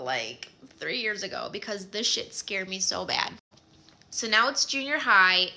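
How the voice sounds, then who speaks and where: A woman's voice: mid-range voice, bright, forceful tone. A woman in her thirties with a Midwestern American accent, casually telling a personal story with lots of "like" and "um". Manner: chatty, many fillers like "like" and "um".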